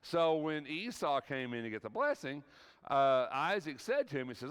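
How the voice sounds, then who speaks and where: A man leads an evening Bible class in a church hall. He talks in a conversational way and keeps checking in with the room. His voice sits somewhat high and sounds smooth and resonant, with a long reverb from the hall. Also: sing-song, normal speed.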